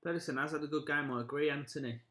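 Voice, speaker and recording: A young man from Birmingham with a Birmingham accent, chatting and reacting loudly while hosting a football watch-along stream. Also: on the high side, steady tone, rapid-fire. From Birmingham, England. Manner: chatty, reacts loudly, plugs likes and subscribes. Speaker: live stream host. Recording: echoey room.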